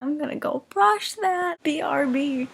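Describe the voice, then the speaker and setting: A teenage girl vlogging in casual chat to the camera, rambling and chatty with a husky voice. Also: sits high, animated, a little slow. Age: teens.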